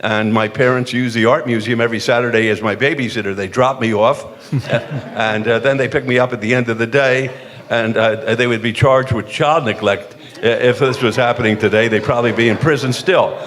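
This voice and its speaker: Older man from the eastern US, retired politician type spinning wry self-mocking anecdotes, mid-pitched voice, long hall reverb. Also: steady tone, brisk, a bit bright. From eastern United States. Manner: self-deprecating and jokey, with frequent restarts and chuckles. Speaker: former mayor, panel speaker. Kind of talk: humorous anecdotal storytelling on a panel.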